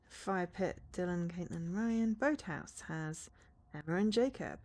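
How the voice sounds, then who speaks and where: A woman's voice: fairly low pitch, measured pace, darkish tone. A woman streamer casually commenting on a game, thinking aloud and reading on-screen text.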